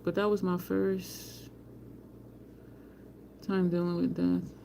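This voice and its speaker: A woman hosting a relaxed live chat from home. She tells rambling stories and speaks straight to her viewers in a loose, conversational way. Faint street traffic drifts in through an open balcony window. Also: fairly low pitch, slow, creaky. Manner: rambling storyteller, addresses chat as y'all, frequent laughs. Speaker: livestream host. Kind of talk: casual live chat, answering viewer comments.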